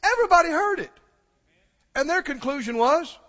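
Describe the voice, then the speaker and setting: A man's voice: very high voice, big pitch swings, fairly quick, fairly bright tone. A man preaching a sermon with passion, asking his listeners questions and rising to exclamations. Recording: dull lo-fi sound with long hall reverb.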